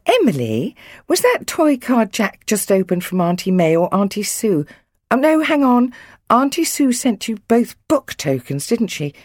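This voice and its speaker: Storybook mum, frazzled and fussing, high lively voice, a woman reader doing her. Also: measured pace, no room sound, clean studio sound. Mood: flustered. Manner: anxious, fussing. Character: flustered mum sorting out Christmas presents.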